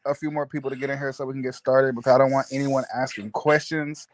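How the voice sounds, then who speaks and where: A man's voice: mid-range voice, little pitch movement, fast talker, no echo. A man hosting a casual live stream, greeting viewers by name with affection and rambling loosely with fillers and laughter. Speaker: livestream host.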